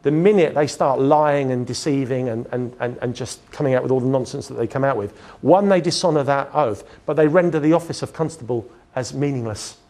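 A man's voice: medium pitch, fairly quick, hardly any pauses, darkish tone. Chatty Englishman telling his story. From England. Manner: candid storytelling, many restarts and filler words, chuckles at himself. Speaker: speaker giving a talk. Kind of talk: public talk with slides.

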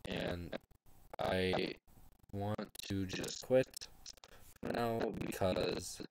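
Tearful teenage boy, low gravelly voice. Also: fairly even intonation. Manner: halting and hesitant, trailing off and restarting. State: tearful, on the verge of crying. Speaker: gaming YouTuber. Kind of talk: emotional farewell vlog. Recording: noisy home recording with clicks.

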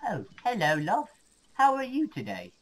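A woman's voice: medium pitch, huge pitch swings, moderate pace, noisy background. A woman role-playing a shopkeeper in a game, playful and dramatic. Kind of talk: in-character role-play over voice chat.

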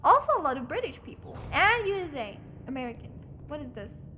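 High, lively woman streamer. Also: fairly quick, a little hiss or hum. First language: German. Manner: reads game text aloud, chatty, swears freely. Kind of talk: casual gaming livestream chat. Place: home.

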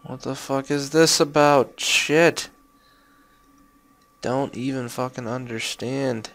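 A man's voice: medium pitch, takes it slowly, a bit bright. A young man commenting on his own gameplay, cursing at his mistakes and making sarcastic asides. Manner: swearing, frustrated outbursts and sarcastic asides. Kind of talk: let's play commentary.

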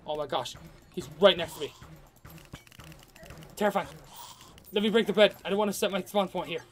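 A gamer commentating their own playthrough, excitable and talking back to enemies with frequent outbursts. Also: mid-range voice, fairly quick, pauses often. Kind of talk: let's play commentary.

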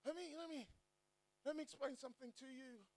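A man preaching an energetic sermon to a crowd, often shouting. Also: very high voice, brisk, vocal fry. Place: church or event hall.

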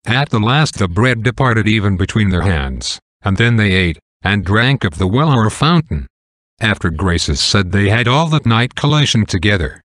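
A man with a fairly low voice reads old saints' legends aloud in slow, measured prose. The sound is close and dry, with no room around it. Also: a bit bright, no echo. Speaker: reader of saints' lives. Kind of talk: slow reading of an old text.

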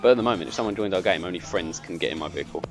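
A young man giving casual gameplay commentary, excitable and bossy when he directs his friend, and laughing often. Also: deep voice, very fast, over music. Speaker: gaming channel host.

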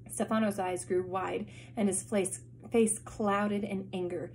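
A woman teacher reads a chapter book aloud to her class, expressive and pausing for asides. Her voice sits at a middle pitch. A faint hiss runs underneath.

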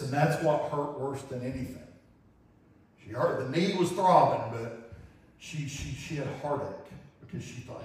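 A male preacher tells a story from the pulpit with earnest, vivid storytelling, circling back on his own words. His voice sits at a middling pitch. The recording is caught from well back in a strongly echoing church sanctuary. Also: a little slow. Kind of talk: sermon storytelling illustration. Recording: very echoey hall, mic far off.

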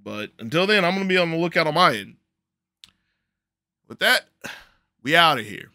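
A man hosting a casual solo podcast, reviewing a soda in a relaxed, rambling way and laughing easily. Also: fairly high pitch, moderate pace, dry recording, studio quality. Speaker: podcast host reviewing sodas. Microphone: desk microphone.

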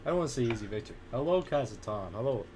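A young man in casual gaming banter with a friend, loud and excitable, breaking into shouts and laughs. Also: mid-range voice, racing, a little hiss or hum. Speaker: gamer on voice chat.

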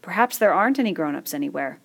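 A woman's voice: deep voice, expressive, fast, vocal fry, full character voice. A woman voicing a fair-haired boy who answers in short, offhand lines. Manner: offhand, brief replies.

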